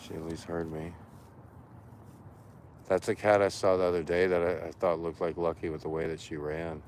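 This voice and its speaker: A man's voice: deep voice, level tone, moderate pace, darkish tone, slight background noise. A man vlogging outdoors on a neighborhood street at dusk, chatty and rambling, cooing at the cats he passes. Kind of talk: casual walking vlog.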